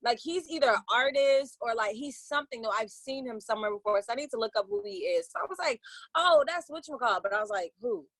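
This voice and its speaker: A woman co-hosting a podcast, chatting casually with slangy, animated storytelling. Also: high voice, quick pace, creaky, hardly any pauses, dry recording. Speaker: podcast co-host. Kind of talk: casual chat.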